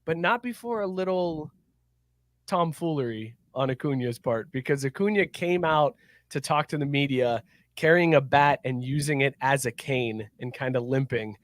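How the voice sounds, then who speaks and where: A man's voice: medium pitch, moderate pace, dry recording. A man hosting a casual podcast, laughing often and telling eager stories. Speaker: podcast host.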